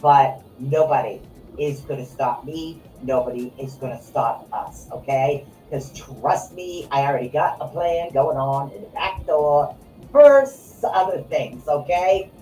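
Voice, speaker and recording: A woman's voice: deep voice, a little slow, dark tone. A woman podcast host ranting in anger, swearing and repeating herself. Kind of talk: angry off-the-cuff rant. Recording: echoey room, voice from far off, faint music.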